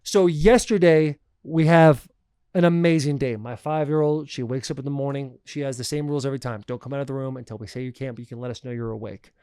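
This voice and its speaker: A man hosting a podcast, telling a family travel story in a loose, animated way and often calling people "dude". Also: mid-range voice, quick pace, clear, resonant tone, no room sound, studio quality. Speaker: podcast host. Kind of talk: casual storytelling chat.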